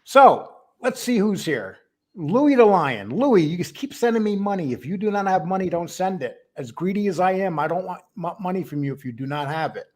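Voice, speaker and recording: A man hosts a live stream in an easygoing, chatty tone. He greets viewers by name one after another. His voice sits a little high for a man. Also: big pitch swings, moderate pace, a little mellow. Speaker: host of a live stream show. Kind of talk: casual live-stream chat.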